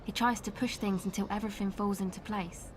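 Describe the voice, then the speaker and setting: An actress voicing a cool, guarded young woman in a video game, offhand and evasive, over clear background noise. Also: medium pitch, fairly even intonation, fairly quick, lightly acted. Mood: laid-back. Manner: laid-back, evasive, offhand. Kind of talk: voiced video game dialogue.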